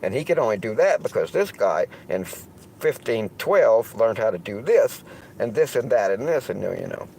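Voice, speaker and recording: A man with a Southern US accent hosts a casual livestream, his very low voice swinging widely in pitch. He rambles and swears constantly, with a faint hum of noise behind him. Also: big pitch swings, moderate pace, gravelly, a little mellow, poor audio. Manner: rambling and heavily profane. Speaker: streamer host.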